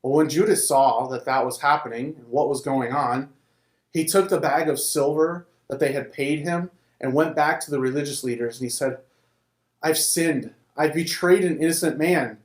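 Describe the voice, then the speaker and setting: Male storyteller, relaxed oral retelling, average pitch, roomy reverb. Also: normal speed. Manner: conversational, with restarts. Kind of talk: casual oral Bible storytelling. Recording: roomy echo.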